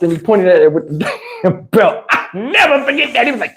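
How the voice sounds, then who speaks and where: Male livestream host, high-pitched, animated storyteller, swears freely. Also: brisk. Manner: animated, profane, laughs mid-story. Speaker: channel host.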